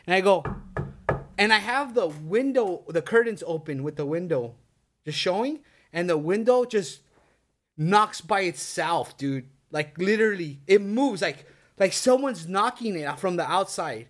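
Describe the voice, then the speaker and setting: High-pitched and lively in intonation, speaking at normal speed, a middle-aged man shares a spooky story on a podcast he co-hosts indoors. It's loose friendly storytelling, with rambling, swearing and constant "likes" and "dudes."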